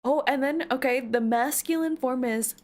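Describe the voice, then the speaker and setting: A woman streaming a game, chatting to her viewers in a giggly, animated way. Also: high-pitched, normal speed. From United States. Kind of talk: casual livestream chat.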